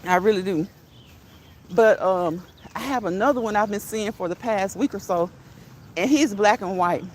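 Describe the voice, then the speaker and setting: This woman's voice sits in the middle range and moves at an ordinary pace, with a slight hiss or hum in the recording. She's out on a neighborhood walk, casually live streaming, laughing often as she talks to viewers and reads the chat aloud.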